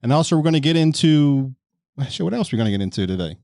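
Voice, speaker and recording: Lively young male podcast host. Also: a little high, quick pace, gravelly, no room sound, studio quality. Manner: lively, laughing, swearing reactions. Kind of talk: casual profane chat.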